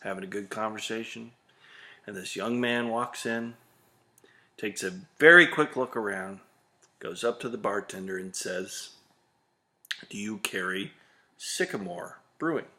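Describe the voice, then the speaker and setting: An exasperated man rants on his vlog with heavy sarcasm and the odd swear word. He takes his time over each line, and his slightly low voice comes out bright and forceful. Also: measured pace, pauses often. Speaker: vlog host ranting about liquor. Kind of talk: comedic rant to camera.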